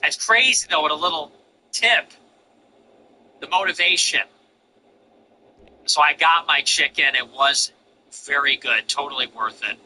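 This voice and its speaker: A man's voice: fairly high pitch, normal speed, sharp tone, a little hiss or hum, rough recording. A man hosting a livestream, chatting bluntly and telling brash stories. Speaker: livestream host. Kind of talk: livestream chat.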